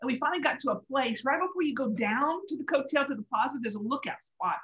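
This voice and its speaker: A woman's voice: high voice, expressive, quick pace, fairly bright tone, rough recording. A middle-aged woman co-hosting a faith talk show, telling a personal story in an earnest, emotional way. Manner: earnest storytelling, emotional, laughing through tears at moments. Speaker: co-host sharing a personal story.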